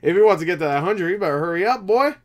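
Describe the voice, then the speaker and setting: Young male movie vlogger, running on no sleep, rambles and curses, slightly higher voice. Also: animated, very fast. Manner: rambling, swears a lot, bursts into loud disbelief. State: tired. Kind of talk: casual box office commentary.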